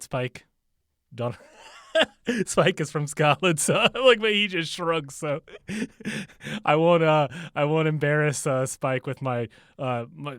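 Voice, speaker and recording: A man's voice: medium pitch, no echo, clean studio sound. A man hosting a podcast in a chatty, casual way, laughing at his own jokes and using many fillers, recorded in a bookstore. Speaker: podcast host.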